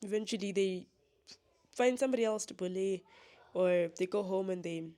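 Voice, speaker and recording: A woman's voice: mid-range voice, moderate pace, dark tone. A young woman talking straight to camera in a candid vlog monologue, blunt and defiant, laughing often. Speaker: vlogger.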